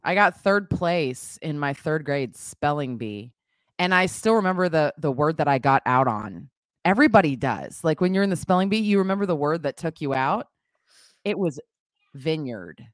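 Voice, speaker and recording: A woman hosting a casual morning show over a video call, bubbly and quick to laugh. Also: low-pitched, expressive, no room sound, clean studio sound. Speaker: show host.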